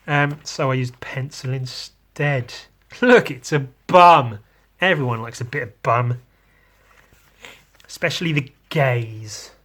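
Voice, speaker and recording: A man's voice: mid-range voice, fairly bright tone, husky. A man giving rambling, irreverent commentary on his own sketchbook, swearing freely and mocking himself. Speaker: artist showing his sketchbook. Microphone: podcast mic.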